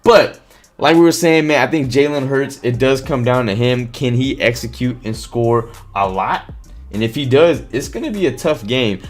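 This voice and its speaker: A man's voice: medium pitch, normal speed. A man hosting a live stream, talking casually about football, swearing freely and reacting to chat comments, with faint music behind him. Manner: animated, swears, reads chat comments aloud.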